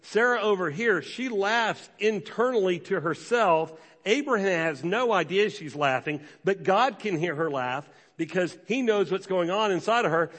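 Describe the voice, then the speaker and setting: A pastor preaching a sermon, animated and conversational, slipping into quick quoted voices for the people in the story. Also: male voice, high voice. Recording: long hall reverb.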